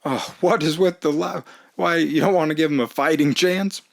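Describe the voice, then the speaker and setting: A man telling a comedic personal story in an animated, self-mocking way, laughing often. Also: fairly high pitch, moderate pace, gravelly. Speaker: storyteller vlogger.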